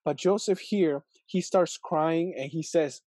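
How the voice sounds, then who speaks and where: Mellow-voiced man musing on scripture. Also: fairly high pitch, unhurried, no room sound. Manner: thinking aloud, many fillers and rhetorical questions. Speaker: video host reflecting on scripture. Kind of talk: casual Bible reflection video.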